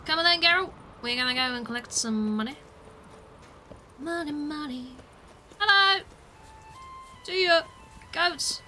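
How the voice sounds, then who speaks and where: Giggly high-voiced woman streamer. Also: measured pace, long pauses, soft background music. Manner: giggly, excitable, often shrieking. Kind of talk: casual gaming commentary. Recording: noisy stream audio.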